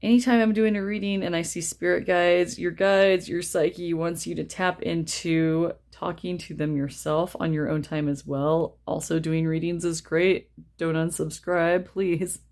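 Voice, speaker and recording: Casting: young woman, low voice, chatty reassuring card reader speaking to camera at home. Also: steady tone, a little slow, few pauses, a little mellow. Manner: chatty, reassuring, reads card titles aloud. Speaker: tarot reader. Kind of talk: casual card reading to camera. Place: indoors at home.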